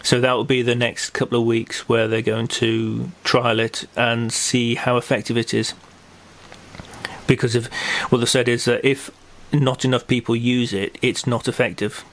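A man's voice: mid-range voice, level tone, moderate pace, fairly bright tone. A man co-hosting a local podcast, chatting casually and running through the news, rambling with lots of fillers and restarts. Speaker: podcast co-host. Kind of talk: casual chat and news rundown.

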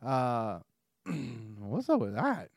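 A young man co-hosting a podcast, joking and chiming in with quick quips. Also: mid-range voice, wildly swooping pitch, no echo, clean studio sound. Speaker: podcast co-host. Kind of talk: casual chat.

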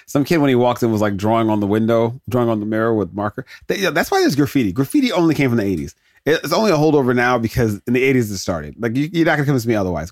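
A man's voice: medium pitch, no room sound, studio quality. A man hosting a podcast, giving rambling solo commentary on a movie as he watches. He laughs often and interrupts himself. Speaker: podcast host. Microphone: close podcast mic.

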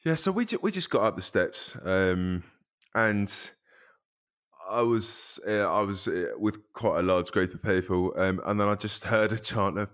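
A man co-hosting a casual football podcast, talking in a halting way with many ums. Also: on the low side, lively intonation, a bit bright. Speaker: podcast co-host. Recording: dull lo-fi sound.

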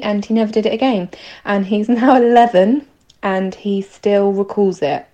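Mellow-voiced mum telling a story. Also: female voice, mid-range voice, fairly even intonation, lo-fi sound. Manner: brisk storytelling, amused. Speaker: caller sharing a story. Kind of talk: anecdote in a voice note.

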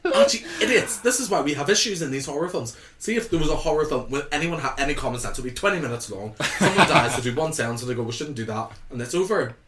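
Man, Northern Irish accent, rapid talk, echoey room, opinionated casual chat. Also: a little high, expressive. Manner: quick, opinionated, mock-indignant ranting. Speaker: podcast co-host. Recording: roomy with background noise.

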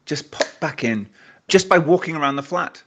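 A man's voice: fairly high pitch, expressive, normal speed, a bit bright, lo-fi sound, a little hiss or hum. A man with a polite Scottish accent, calling in to a show and telling a wry, upbeat story. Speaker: caller. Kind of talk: voice message to a show.

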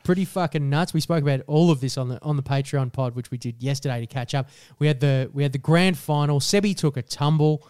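A young Australian man co-hosting a casual podcast, swearing freely and ranting in an animated way. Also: on the high side, brisk, clear, resonant tone, no echo, studio quality. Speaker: podcast co-host.

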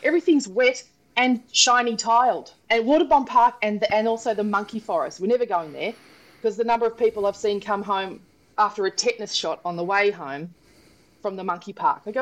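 A woman's voice: mid-range voice, brisk, low-quality recording. A middle-aged Australian woman co-hosting a casual chat podcast, telling holiday stories with acted-out voices and frequent laughs. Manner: animated storyteller, acts out voices, laughs often. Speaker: podcast co-host. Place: holiday abode abroad.

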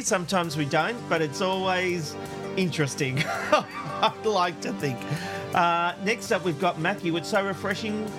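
High-voiced man hosting, with music. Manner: jokey, laughs often, reads comments aloud. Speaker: co-host reading listener feedback. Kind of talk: casual chat show banter.

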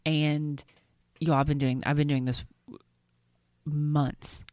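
A woman's voice: low-pitched, level tone, takes it slowly, a little mellow, dry recording, clean studio sound. A woman co-hosting a podcast in casual chat, a chatty, rambling storyteller who swears casually. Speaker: podcast co-host.

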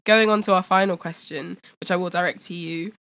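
A woman co-hosting a podcast, asking questions in a measured, polite way. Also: on the low side, steady tone, a bit bright. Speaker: podcast co-host. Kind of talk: conversational interview.

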